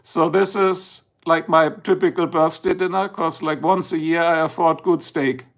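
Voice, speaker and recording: A man's voice: on the high side, steady tone, normal speed. A middle-aged man with a German accent, chatting casually and rambling on a livestream, just woken up. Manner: chatty, rambling, switches between English and German. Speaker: livestream host.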